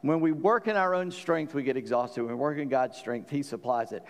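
A man preaching a sermon as pastor, folksy and joking, with bursts of animated storytelling. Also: medium pitch, fairly quick, big-room sound. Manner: folksy, joking, animated when quoting scripture.

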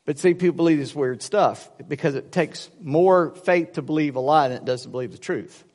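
A man's voice: a little high, a little fast. A man preaching a sermon, telling stories and acting out voices as he goes. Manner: storytelling, animated, acts out voices in jokes. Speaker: pastor. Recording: long hall reverb.

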